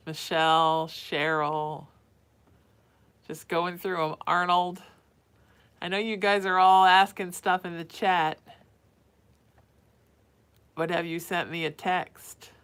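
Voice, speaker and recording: A woman's voice: on the low side, fairly even intonation, slow pace, pauses often, a bit bright, clean tone. Chatty woman hosting a live stream. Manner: chatty, reads out viewer names, coos at her cat. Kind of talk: casual livestream chat.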